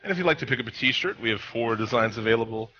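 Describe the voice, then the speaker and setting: Bright-voiced man hosting a podcast. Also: mid-range voice, expressive. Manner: upbeat, brisk announcing. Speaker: podcast host. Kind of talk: podcast intro. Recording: dull lo-fi with faint noise.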